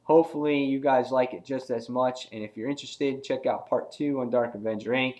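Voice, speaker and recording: A man at home talks through a comic book on camera in a relaxed, rambling way, with plenty of ums and uhs. His voice sits at an ordinary middle pitch, and he jumps higher whenever he reads a character's line aloud. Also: brisk. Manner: relaxed and rambling, many fillers, acts out quoted lines in a higher voice. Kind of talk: casual video review.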